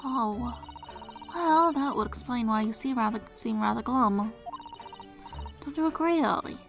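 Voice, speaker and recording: Woman playing a theatrical boastful detective, gravelly edge, music behind. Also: a little high, measured pace, fairly bright tone. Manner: theatrical, self-assured. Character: eccentric, boastful male great detective. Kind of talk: reading game dialogue aloud.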